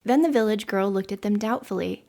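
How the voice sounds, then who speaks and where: A woman podcast host reading an old story aloud in a measured storytelling way. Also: medium pitch, creaky, warm tone.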